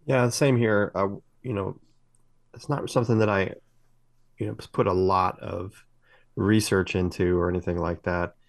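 A man's voice: low voice, steady tone, normal speed, gravelly, no room sound. A middle-aged man co-hosting a podcast, telling long rambling stories with many fillers and restarts. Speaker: podcast co-host. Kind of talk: casual podcast chat.

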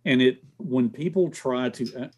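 A man in a casual podcast chat who jumps in eagerly and tells animated stories. His pitch is middling for a man, and he speaks in a plain, everyday way. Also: normal speed, slightly rough. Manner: animated, jumps in, mimics voices in anecdotes. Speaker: podcast guest.

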